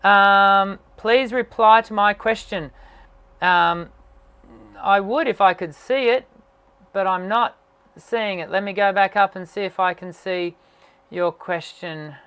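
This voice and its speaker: A middle-aged male voice teacher taking questions during a live online session. His voice sounds strained and worn as it recovers from dysphonia. He explains at length, often pausing on fillers and restarting sentences. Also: high voice, pushed and bright, clean tone.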